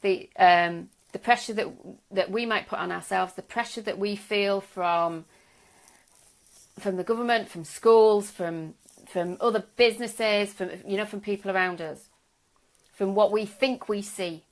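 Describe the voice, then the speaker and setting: A middle-aged woman speaks to her viewers as a stress coach in a live video talk. Her voice sits at a middle pitch with a gravelly, creaky edge. She talks gently and reassuringly, checking in often and restarting her sentences. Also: a little slow.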